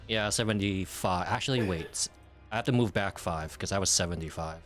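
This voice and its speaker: A man's voice: low voice, brisk, fairly bright tone, soft background music. A man playing in a tabletop game, chatty and laughing often, thinking aloud about his moves. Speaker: player. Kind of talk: casual tabletop play.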